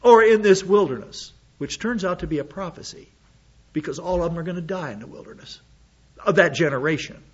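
A man's voice: a little high, brisk, slightly rough, lo-fi sound. A man preaching an expository sermon, reading scripture aloud and commenting on it with blunt sarcasm.

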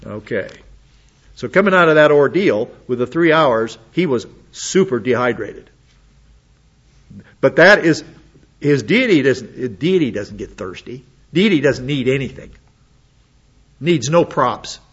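A man gives a sermon at an average pitch, reading scripture aloud and then stepping out of it for quick, conversational asides. The recording is a bit dull and lo-fi. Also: animated, a bit bright, slightly rough. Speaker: preacher. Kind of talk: sermon with Bible reading and commentary.

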